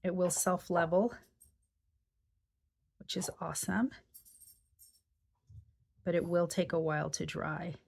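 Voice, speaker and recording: Brief: woman craft host, lowish voice, relaxed chatty walkthrough at her table. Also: slow pace, gravelly, pauses often. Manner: chatty, thinks aloud while working. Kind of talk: casual craft tutorial.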